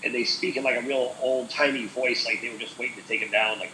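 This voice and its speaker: Man, co-host, loose and rambling, bright, roomy. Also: medium pitch, fairly even intonation, fast talker, few pauses, slight background noise. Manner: rambling, full of "like" and "uh". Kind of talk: casual chat.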